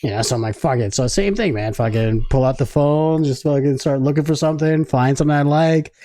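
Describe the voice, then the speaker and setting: A man's voice: a little high, a little fast, dark tone, no room sound, studio quality. A man co-hosting a podcast, telling a crude story in a laid-back way, agreeing a lot and swearing often. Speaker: podcast co-host. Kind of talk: casual chat.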